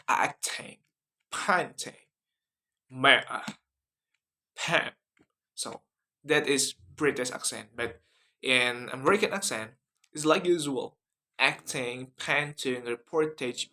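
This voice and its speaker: Young guy w doing a class video, slow, lots of uhs, bright voice. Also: mid-range voice. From Indonesia. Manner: hesitant, many fillers and restarts. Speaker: student presenter.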